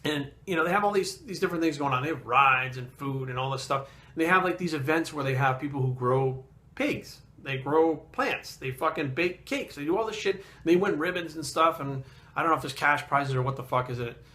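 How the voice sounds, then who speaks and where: A man talking straight to camera in a casual vlog, a fitness trainer spinning a story. His voice sits a touch high and rings bright and forceful, and he is blunt and animated, with swearing in almost every line. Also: a little fast.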